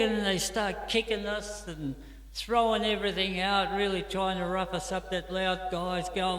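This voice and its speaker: A man's voice: high voice, fairly even intonation, measured pace, a bit bright. A man with an Australian accent giving a scripture class in a temple, telling stories in a chatty way with many fillers. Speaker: class speaker. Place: temple hall. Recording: echoey temple hall.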